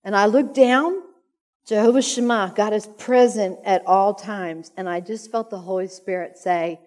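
A woman's voice: fairly high pitch, moderate pace, darkish tone. A middle-aged woman speaking at a conference, telling a personal story in an earnest, emotional way. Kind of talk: personal testimony talk. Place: conference hall. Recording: echoey hall reverb.

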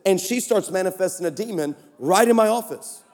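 A man preaching a sermon in an animated storytelling style, with comic asides that build to shouted calls. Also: sits high, a little fast. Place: large conference hall stage. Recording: echoey conference hall.

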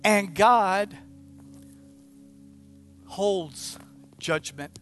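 A man preaching a sermon, retelling a story with lively, acted-out quoted prayers. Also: high voice, drawn-out words, soft background music. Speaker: pastor.

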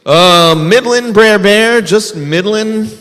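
A man's voice: sits high, takes it slowly, fairly bright tone, in a large hall, pitched above the performer's own voice. A man doing a chirpy trickster rabbit. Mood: cheerful. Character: sly cheerful male trickster rabbit.

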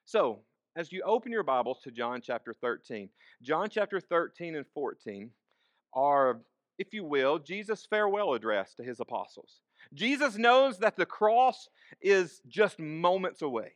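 High-voiced preaching man. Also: sing-song, a little slow, a bit bright, no echo. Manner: preaching with rhetorical questions, repeating key phrases. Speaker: pastor. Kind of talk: sermon.

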